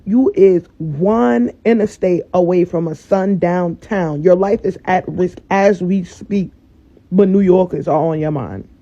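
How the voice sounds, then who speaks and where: High gravelly man, sarcastic roast, dull lo-fi phone audio. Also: measured pace, warm tone. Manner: mocking, matter-of-fact. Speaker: TikTok responder.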